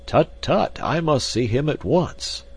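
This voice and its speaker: A man's voice: sits low, very animated, moderate pace, darkish tone, husky, heavily acted. A man doing a fussy old professor. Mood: flustered. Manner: fussy, exclaims "tut, tut". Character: fussy absent-minded old male professor. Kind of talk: audiobook character reading.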